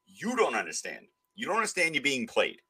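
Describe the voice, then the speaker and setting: Forceful, ranting podcast host man. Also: mid-range voice, huge pitch swings, brisk, husky. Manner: ranting, emphatic, slips into mocking voices. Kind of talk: opinionated political podcast talk.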